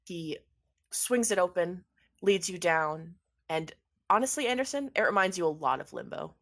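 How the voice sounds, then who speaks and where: A woman's voice: on the low side, animated, normal speed, a bit bright. A woman running a tabletop role-playing game as game master, narrating with fillers and repeated words.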